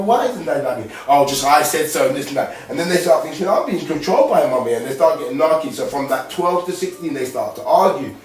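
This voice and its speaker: A man's voice: medium pitch, a little mellow. A man talking casually, rambling in street slang with lots of tag questions as he gives advice as a dad. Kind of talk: casual monologue. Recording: echoey room from far off.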